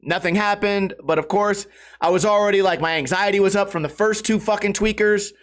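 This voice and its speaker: A man with a high-pitched voice hosts a solo podcast and tells a rambling, profane story about his own night. He mocks himself as he goes. When he acts out other people, his voice jumps up sharply. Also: fairly quick. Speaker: podcast host. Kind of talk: casual storytelling monologue.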